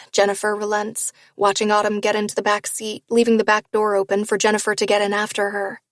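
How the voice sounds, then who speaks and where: A woman narrating a first-person romance novel in a steady storytelling read. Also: medium pitch, brisk, few pauses, no echo, studio quality. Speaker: audiobook narrator.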